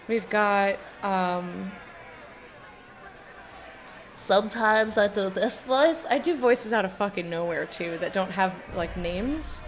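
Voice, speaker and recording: A woman's voice: medium pitch, slight background noise. A woman streaming a game in casual chat, giggly and loose and swearing now and then as she talks with her viewers.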